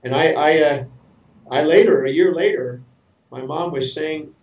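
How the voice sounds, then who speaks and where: A man's voice: fairly high pitch, a little slow, a little mellow. A man from the United States, speaking as an interview guest, tells his life story earnestly and often repeats words as he starts sentences. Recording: roomy sound from a distance.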